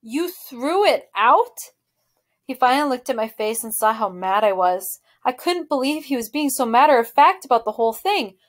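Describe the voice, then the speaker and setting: A teacher reads a novel aloud to her class in a steady, clear storytelling voice. Her voice sits a little high. She keeps an even pace through the narration. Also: brisk, few pauses.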